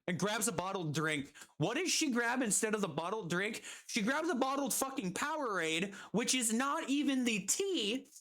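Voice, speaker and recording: A woman's voice: fairly high pitch, fairly bright tone. A woman streamer telling a story casually while gaming, exasperated and swearing constantly.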